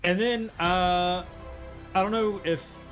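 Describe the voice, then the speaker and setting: A man playing a tabletop game, describing his moves in a relaxed, halting way. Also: sits high, faint music behind. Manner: relaxed, hesitant, lots of fillers. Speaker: player. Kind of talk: casual tabletop game play.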